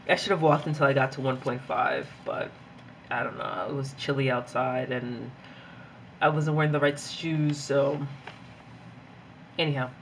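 A woman's voice: low-pitched, slight background noise. A young woman who teaches and studies, chatting casually and rambling as she plans her week in a journal, a little hyped up on coffee. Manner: rambling, chatty, giggly and easily excitable. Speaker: planner vlogger; graduate student and teacher. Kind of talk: casual chat while journaling.

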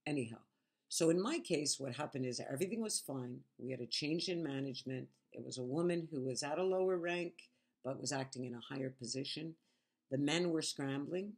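Woman, gravelly voice, husky, frank sarcastic storytelling, casual monologue. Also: a bass voice, a little fast. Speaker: vlogger.

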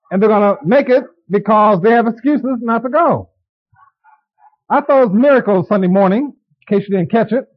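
Preaching in a notably high voice, a pastor keeps his sermon conversational and pauses to put quick questions to the congregation. The sound is dull and lo-fi, much like an old recording of a church service.

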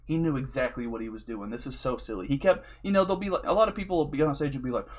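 A man's voice: mid-range voice, fast talker, few pauses. A young man telling a rambling, profane, jokey story while he commentates a game, throwing in "dude" and "you know" all the time. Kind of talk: casual storytelling over gameplay.

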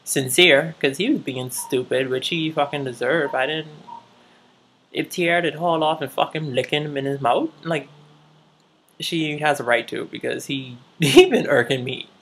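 A woman with a low, husky voice talks loosely through a TV recap on her vlog. She swears freely, drifts between thoughts and keeps breaking into laughter. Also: moderate pace, fairly bright tone. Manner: profane, chatty, laughs often. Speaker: vlogger. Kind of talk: casual TV recap chat.

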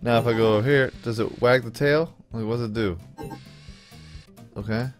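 A man's voice: medium pitch, normal speed, over music. A man casually commenting on his own gameplay video in a playful, goofy way, often chuckling. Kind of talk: casual let's play commentary.

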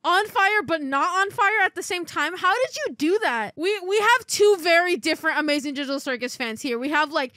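Excitable young woman reacting, high lively voice. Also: fairly quick, few pauses, no room sound, studio quality. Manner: excitable, laughing and squealing. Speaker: reaction video host. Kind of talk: casual reaction commentary. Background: music from the clips.

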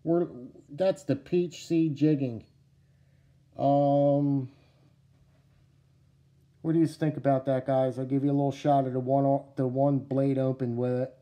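A middle-aged man with a New Jersey accent chatting casually to camera about knife collecting, excitable and repetitive, calling his viewers "guys" and "yous.". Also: mid-range voice, a little slow, pauses often, dull audio. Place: at home indoors.

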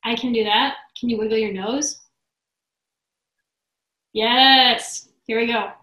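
A woman's voice: on the high side, steady tone, slow pace, sharp tone. A woman guest bantering playfully and teasing the host. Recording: roomy echo.

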